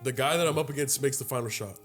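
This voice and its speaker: A man's voice: medium pitch, rapid-fire, soft background music. A man in his late twenties co-hosting a podcast, telling a story in casual chat, swearing freely and acting out other people's voices. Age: late 20s. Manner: animated, profane, acts out voices in stories. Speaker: podcast co-host.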